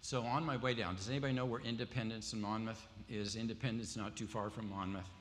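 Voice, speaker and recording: Here a grown man with a wife and kids preaches to his congregation, talking fast at a fairly low, even pitch. He tells stories and asks the audience questions. The recording carries slight hiss or hum, long hall reverb and faint ambience.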